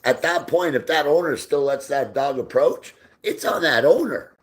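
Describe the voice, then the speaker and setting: A man hosting a casual live stream, reading out viewer comments, answering them, and talking softly to his dog while they play ball. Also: fairly high pitch, moderate pace. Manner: reads out and answers viewer comments, often drops into soft baby talk for his dog. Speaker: livestream host.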